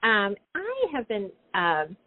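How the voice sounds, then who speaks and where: A woman's voice: medium pitch, wildly swooping pitch, takes it slowly. A woman calling in to a show, talking hesitantly with fillers. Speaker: caller. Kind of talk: phone call-in. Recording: tinny phone line.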